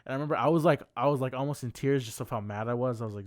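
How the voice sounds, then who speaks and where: A young podcast co-host rattles off a long personal story at rapid-fire speed, rambling casually with heavy profanity and plenty of fillers. His voice is medium in pitch, and the recording is dry.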